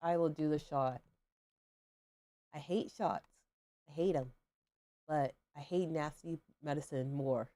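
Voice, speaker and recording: A young woman with a low, mellow voice talks casually to her stream while playing. She rambles, fills gaps with "like" and "um", and questions herself along the way. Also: slow, pauses often. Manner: rambling, filler-heavy, self-questioning. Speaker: livestream host. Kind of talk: casual chat while gaming.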